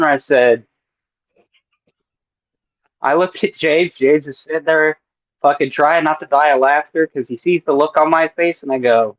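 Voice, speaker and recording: Man, podcast co-host, casual storytelling, swears a lot, slightly high voice, dry dull sound. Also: normal speed, long pauses, no echo. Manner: profane, animated storyteller.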